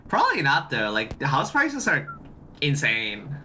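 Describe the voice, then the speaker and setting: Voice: mid-range voice, huge pitch swings, measured pace, pushed and bright, a little hiss or hum. A streamer chatting casually on a livestream, greeting chat and repeating phrases with lots of restarts.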